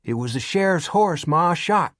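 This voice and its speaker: A blunt, matter-of-fact frontier girl of fourteen, as a male narrator puts her on, raised in pitch above his usual tone. She answers plainly, as if the questions were obvious. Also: animated, normal speed, fairly bright tone, no echo, clean studio sound.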